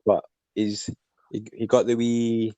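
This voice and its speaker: A man's voice: lowish voice, completely flat delivery, takes it slowly, mellow, no echo. A man co-hosting a casual review podcast, recapping scenes in a plain storytelling way. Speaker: podcast co-host.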